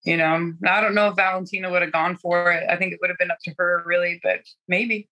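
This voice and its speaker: A woman's voice: on the low side, steady tone, fast, sharp tone, low-quality recording. A young adult woman fighter telling her story candidly in a casual interview, laughing often and swearing freely. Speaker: guest fighter.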